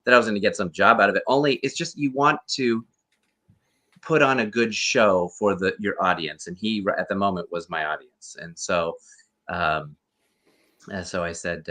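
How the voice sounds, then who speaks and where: A man's voice: deep voice, moderate pace, sharp tone. A man, a guest actor and costume performer, earnestly telling a rambling story over a video call. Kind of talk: casual storytelling interview.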